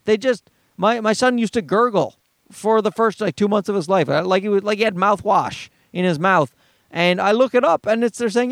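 A man's voice: high-pitched, moderate pace, no room sound, clean studio sound. A father ranting heatedly and profanely about other parents' advice, talking from inside his car. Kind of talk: ranting monologue.

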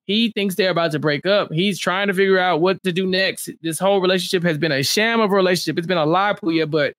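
A co-host in a casual TV recap chat, blunt and exasperated, dropping low for emphasis. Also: quick pace, a bit bright, no room sound. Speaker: podcast co-host.

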